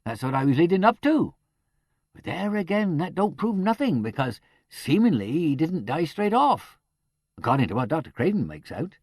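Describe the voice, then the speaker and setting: A man's voice: on the high side, big pitch swings, moderate pace, dry recording, studio quality. A man doing a rustic, ponderous country superintendent. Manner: broad rural dialect, ponderous and fond of quotations. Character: pedantic rustic country police superintendent, middle-aged man.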